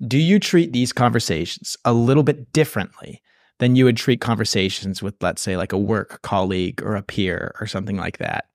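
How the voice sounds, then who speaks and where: A man's voice: lowish voice, brisk, no room sound, clean studio sound. A man hosting a podcast interview, easygoing and asking his guests questions. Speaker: podcast host.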